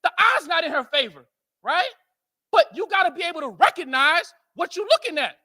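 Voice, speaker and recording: An American man speaking at a men's conference, telling stories to a live audience in an animated, joking way and asking the crowd questions. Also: very high voice, brisk. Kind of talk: storytelling talk to a live audience.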